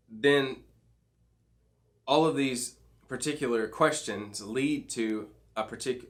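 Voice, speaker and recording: Male youth pastor, somewhat low voice, chatty devotional teaching, frequent check-ins. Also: fairly bright tone. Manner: conversational, keeps checking in with "okay?" and "right?"; frequent restarts and fillers. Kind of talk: midweek devotional teaching to students.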